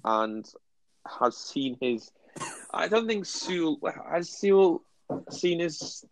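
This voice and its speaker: A British man co-hosting a podcast, chatting about football in an animated way, often stumbling and restarting. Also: fairly high pitch, slow pace, dry recording, poor audio. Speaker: podcast co-host. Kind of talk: casual football chat.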